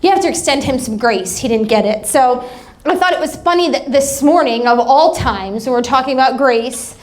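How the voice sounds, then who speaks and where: A woman's voice: sits high, normal speed. A woman pastor giving a sermon, telling humorous family stories in a chatty way. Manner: chatty, humorous anecdotes with acted-out quotes. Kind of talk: sermon storytelling.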